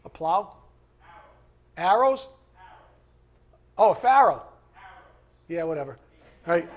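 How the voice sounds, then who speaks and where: A man with a high, husky voice preaches a sermon. He talks in a loose, conversational way, with asides and quick questions to his listeners. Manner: conversational, animated preaching with asides and acted quotes. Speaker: pastor.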